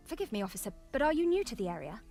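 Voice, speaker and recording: Young townswoman, anxious, urgent, high voice, rapid, game character. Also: sing-song, loud music behind the voice. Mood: polite. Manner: urgent, pleading. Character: anxious young Englishwoman from a small town. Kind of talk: video game voice acting.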